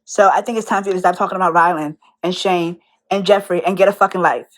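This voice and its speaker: A woman's voice: on the low side, fairly even intonation, quick pace. A young woman in an angry, profane rant, firing rhetorical questions at the person she is calling out. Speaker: commentary vlogger.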